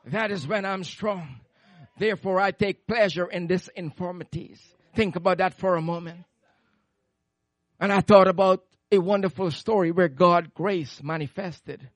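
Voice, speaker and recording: A high-voiced man delivers a church sermon into a handheld microphone. He swings between loud, fervent praise and quiet, hushed storytelling. The sound is dry and close, with no room sound or echo.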